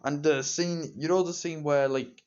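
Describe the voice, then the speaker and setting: A man's voice: on the high side, fairly even intonation, moderate pace, a little mellow, clear, resonant tone. A teenage boy, reviewing a movie in rambling, repetitive fan talk. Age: teens. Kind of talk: casual solo movie review. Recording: dull lo-fi home recording.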